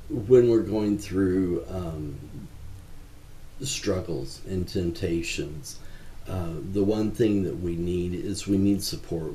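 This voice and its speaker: A man with a very deep, mellow voice answers interview questions in an earnest, measured way, often pausing on fillers. His voice carries a noticeable room echo. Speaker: ministry founder, guest. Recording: roomy echo.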